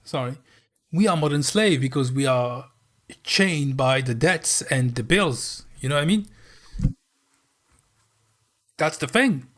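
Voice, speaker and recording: A man's voice: medium pitch, expressive, a little slow, fairly bright tone. A man from France, a streamer ranting bluntly with lots of swearing and repeated points. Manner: blunt, swearing, emphatic repetition. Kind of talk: profane livestream rant.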